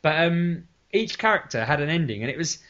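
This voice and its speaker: A man's voice: a little high, very animated, brisk, a bit bright. Man rambling through a podcast story. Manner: rambling storyteller, laughs at his own stories. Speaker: podcast host. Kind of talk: casual chat. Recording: lo-fi podcast audio.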